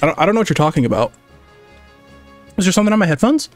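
A man's voice: sits high, big pitch swings, rapid-fire, soft background music. A young man streaming as a digital artist, chatting casually and profanely, reading his chat aloud and firing jokes back.

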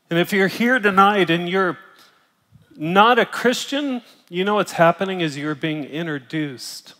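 A middle-aged male pastor preaches to a large room, his voice strained from pain and broken by coughs and throat-clearing. He sits a little high for a man and swings from soft, close phrases to loud emphatic bursts. Long reverb from the hall trails behind each line. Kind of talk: sermon. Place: large church auditorium.

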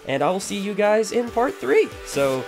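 A man's voice: sits high, sing-song, normal speed, music in the background. A man giving casual, sarcastic gameplay commentary with jokey asides. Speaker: gaming YouTuber.

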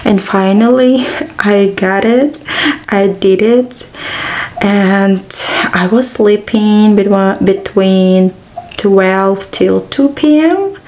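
A woman's voice: medium pitch, slow pace, a little mellow. A tired woman in her thirties chatting casually to camera, rambling with sighs and exclamations. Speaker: vlogger.

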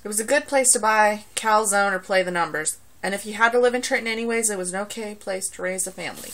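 A woman's voice: medium pitch, quick pace, a little hiss or hum. A young woman with a Southern US accent, chatting and joking through an accent-challenge vlog into a phone. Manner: chatty, joking, animated outbursts. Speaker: vlogger.

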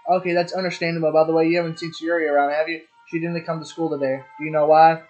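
A man reading the lines of a polite, reserved teenage schoolgirl in a visual novel, in a measured way. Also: on the high side, level tone, natural voice. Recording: dull lo-fi audio with soft music.

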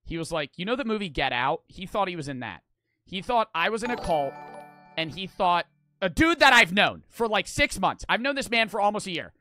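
A young man streams and chats casually, rambling and swearing through an animated story. His voice sits a bit high and bright. The sound is dry and close. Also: fairly quick, no echo, faint music behind.

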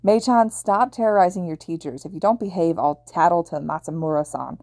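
A woman voicing a calm, wry teenage boy student in a story read aloud. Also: on the low side, fairly quick, no echo, natural voice. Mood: stern. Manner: dry, matter-of-fact.

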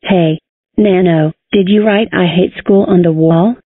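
A woman's voice: on the low side, steady tone, a little slow, breathy edge, no echo. A female computer voice playing a strict schoolteacher in a cartoon, with a tinny phone-like sound. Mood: scolding. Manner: stern, scolding. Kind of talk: text-to-speech cartoon voice.

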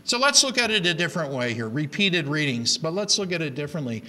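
A man's voice: on the high side, quick pace. A middle-aged man giving an emphatic lecture on teaching reading to a live audience, often restarting his words. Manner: animated, emphatic, with many repeated starts. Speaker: reading education speaker.

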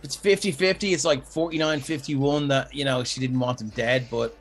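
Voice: medium pitch, steady tone, moderate pace. A game master narrating a tabletop game, rambling and restarting sentences as they explain dice results.

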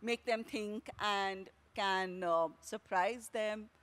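A woman novelist with an Indian English accent, speaking thoughtfully on a festival panel with many pauses and fillers. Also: medium pitch, steady tone, fairly bright tone. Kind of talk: panel discussion and reading from her novel.

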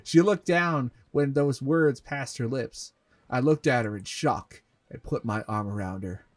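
A man's voice: medium pitch, unhurried, no room sound. A man reading a fanfiction aloud as a comedic dramatic reading over gameplay, mocking it and deadpanning the punctuation marks. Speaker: let's play host reading a fanfic.

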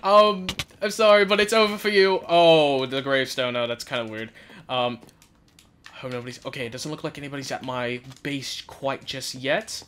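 A man giving live commentary over his own gameplay, talking to himself and getting loud and giggly when things go wrong. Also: medium pitch, normal speed, clean tone. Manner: excitable, talks to himself, yells and laughs under pressure. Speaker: gaming YouTuber.

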